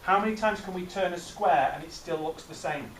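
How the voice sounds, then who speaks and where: Male teacher, middle-aged, lively and questioning; distant mic, roomy echo. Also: high-pitched, brisk. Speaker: teacher leading a maths master class. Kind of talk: classroom teaching with questions to pupils. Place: classroom. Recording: echoey classroom from far off, noisy.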